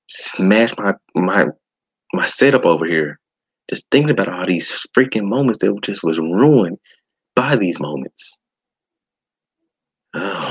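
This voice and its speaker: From a home setup, a podcast host with a low, slightly rough voice rants casually and with exasperation, sighing and restarting his sentences. The recording is muffled.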